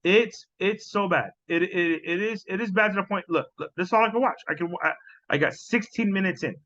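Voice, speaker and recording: A man's voice: sits high, fairly quick, fairly bright tone, muffled recording. A man hosting a podcast, reacting to clips in casual commentary, scornful and profane, often repeating himself.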